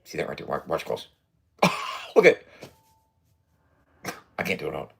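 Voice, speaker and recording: A man's voice: rumbling low, huge pitch swings, normal speed, gravelly, husky. A man in his fifties talking casually in a loose, profane, boastful way and laughing often. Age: 50s. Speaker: vlogger. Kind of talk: casual rambling vlog.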